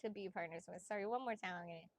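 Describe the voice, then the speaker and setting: A woman reading as a psychic in a casual livestream chat, chatty and excitable, laughing often and swearing casually. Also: mid-range voice, rapid-fire. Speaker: psychic reader.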